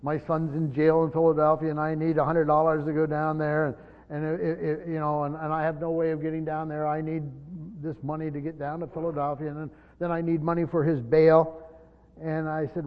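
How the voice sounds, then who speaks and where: A fairly high-voiced man teaches scripture, talking it through conversationally and restarting phrases as he explains. The recording is dull and lo-fi, with a long reverb trailing his voice. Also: level tone, brisk. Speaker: Bible teacher. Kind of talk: Bible study teaching.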